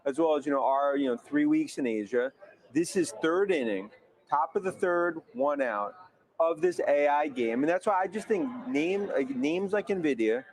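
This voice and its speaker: A man's voice: a little high, expressive, normal speed. A man analyst guest in a TV interview, emphatic and bullish. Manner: bullish, emphatic, starts with "look".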